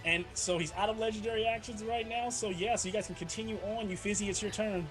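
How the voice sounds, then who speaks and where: A man's voice: high-pitched, steady tone, quick pace, fairly bright tone, faint music behind. Chatty man running a tabletop game. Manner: chatty, laughing, many restarts. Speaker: dungeon master.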